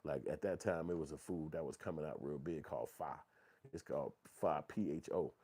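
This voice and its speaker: A man's voice: a little fast, slightly rough. A middle-aged man, telling stories in casual, profane commentary and reading viewer comments. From Chicago. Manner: profane, animated storytelling, acts out quotes in a high voice. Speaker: channel host.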